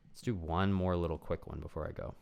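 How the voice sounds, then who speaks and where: A young man hosting a solo podcast in a casual ramble, often dropping into quick imitations of other people. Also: low voice, creaky. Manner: rambling, animated, acts out voices of people he imagines. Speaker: podcast host.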